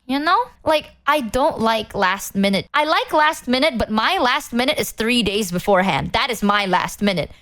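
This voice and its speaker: A woman's voice: a little high, animated, normal speed, few pauses, fairly bright tone. A woman VTuber chatting casually to her stream, rambling and swearing freely. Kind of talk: casual live-stream chat.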